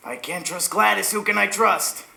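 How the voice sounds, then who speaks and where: An actor playing a pompous, fussy factory boss in a stage musical, with a gravelly voice, recorded in an echoey hall. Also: male voice, sits high, normal speed, sharp tone, exaggerated voice. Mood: scolding. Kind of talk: amateur stage musical acting.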